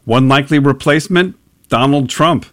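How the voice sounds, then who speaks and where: Man narrating a radio news report. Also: medium pitch. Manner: measured, clear narration.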